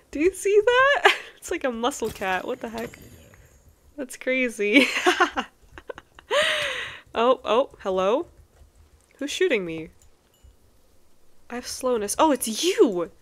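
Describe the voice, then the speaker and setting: An excitable young woman talks through a video game, often gasping and exclaiming. Her voice sits a little high and swings widely in pitch. She sounds close to a desk mic. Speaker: let's play host. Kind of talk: casual gameplay commentary.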